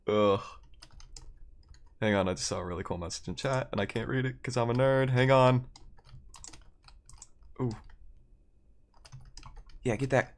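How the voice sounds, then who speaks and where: A man's voice: mid-range voice, animated, moderate pace, long pauses. A man chatting casually with his viewers while he plays a game on a live stream, rambling and poking fun at himself.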